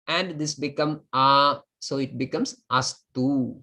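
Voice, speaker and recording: A man teaching a lesson on splitting and pronouncing Sanskrit verses, patient and repeating each word slowly for learners. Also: fairly high pitch, expressive, pushed and bright. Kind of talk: slow step-by-step lesson.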